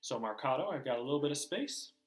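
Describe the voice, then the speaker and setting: A male music teacher speaks straight to young students in a relaxed, conversational lesson. His pitch sits in the middle, and he often says um and repeats a word as he explains things. He sounds like a friendly teacher talking to a camera. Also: quick pace. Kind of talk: classroom video lesson.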